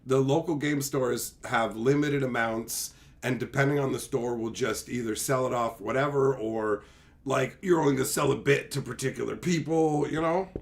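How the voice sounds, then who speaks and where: A man's voice: mid-range voice, moderate pace, vocal fry. A man from Canada hosting a live stream, telling stories in casual, profane chat and laughing often.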